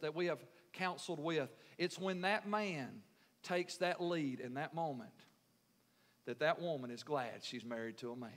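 A middle-aged pastor delivers a sermon in a high, bright voice. He swings from soft, measured passages to loud, forceful preaching. His voice rings with the long reverb of a church hall. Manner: builds from quiet to loud preaching.

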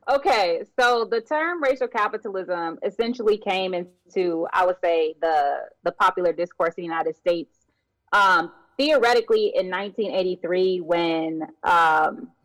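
A female academic guest answering interview questions from her home in a measured, explanatory way. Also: fairly low pitch, a bit bright, no echo, rough recording.

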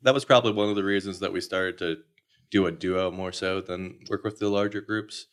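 A man, a sketch comedian, chatting in a casual interview, relaxed and hesitant, with self-mocking laughs. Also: low-pitched, brisk.

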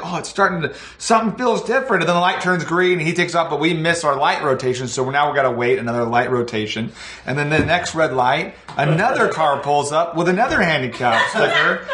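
A man with a slightly high voice tells a story with animated energy. He acts out the voices of the people in it and laughs along the way. The sound carries a roomy echo. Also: brisk. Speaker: pastor telling a testimony. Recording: echoey room.

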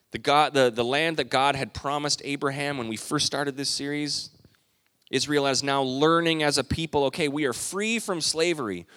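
A man preaching a sermon, retelling a story in a lively way and acting out the quotes. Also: a little high, clear, resonant tone. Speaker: pastor. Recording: long reverb of a large hall.

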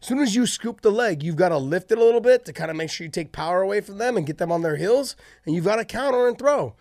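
Animated, swearing man telling fight stories. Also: sits high, fast, no echo, clean studio sound. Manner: animated storytelling, swears freely. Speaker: podcast co-host and former fighter. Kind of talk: casual chat.

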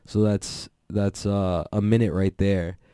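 Young male host, loose excitable recap talk with lots of swearing; dark, mellow tone. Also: lowish voice, slow, clear, resonant tone, dry recording, studio quality. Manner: rambling, profane, excitable, laughs often. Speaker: podcast host recapping jiu-jitsu events. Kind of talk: casual solo recap.

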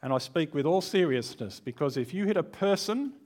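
A man's voice: a little high, lively intonation, brisk, a little mellow. A man preaching an online church sermon in a conversational, candid way, with self-deprecating asides.

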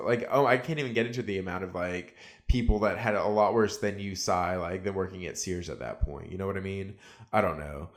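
A man's voice: sits low, brisk. A man giving a casual, sarcastic solo recap of a reality show, full of likes and ums.

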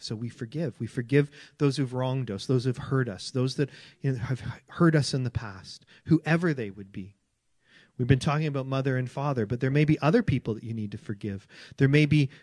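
A man's voice: medium pitch, darkish tone, dry recording, clean studio sound. A man preaching a sermon in an earnest, conversational way, often repeating his phrases. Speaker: pastor.

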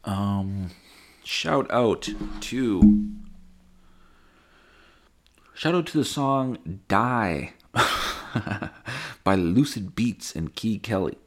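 A man's voice: lowish voice, lively intonation, extremely slow, pauses often. A young man hosting a casual solo podcast, rambling, sarcastic and profane, slipping into mocking voices. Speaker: podcast host.

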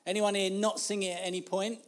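A man's voice: high-pitched, little pitch movement, fairly quick. Chatty preacher in his fifties. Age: 50s. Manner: chatty, self-deprecating, laughs through asides. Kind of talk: informal sermon.

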